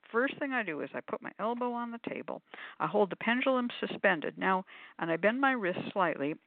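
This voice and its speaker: A woman's voice: medium pitch, fairly quick, no room sound, narrow, tinny audio. Chatty woman shop owner, storyteller type, phone-thin dry audio. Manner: chatty, animated storyteller, acts out quotes. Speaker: shop owner and pendulum teacher. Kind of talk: casual conversation, demonstrating.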